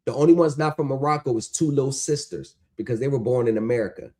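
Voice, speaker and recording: A man hosting a livestream, talking in an animated, mocking rant that is full of profanity and rhetorical questions. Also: mid-range voice, fast talker. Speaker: stream host. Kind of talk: ranting livestream talk.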